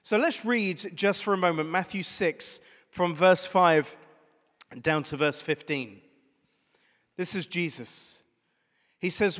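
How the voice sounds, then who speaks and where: A man's voice: sits high, slow pace, pauses often, a bit bright, big-room sound. A man preaching a sermon in church, talking in a conversational way and putting questions to the congregation. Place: church service.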